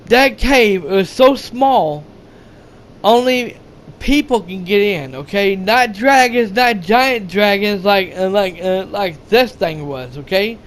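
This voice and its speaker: A man retelling a movie's plot in a rambling, halting way, full of fillers, restarts and swearing, acting out the characters' lines. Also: sits high, expressive. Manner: rambling, halting, many fillers and restarts, profane, acts out quotes. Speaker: movie reviewer. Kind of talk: rambling casual movie recap.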